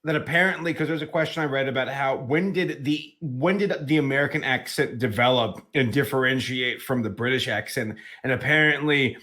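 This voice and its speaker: A man hosting a podcast, chatting in a jokey, animated way and acting out little quotes. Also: medium pitch, fairly quick, few pauses. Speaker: podcast host. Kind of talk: casual podcast chat.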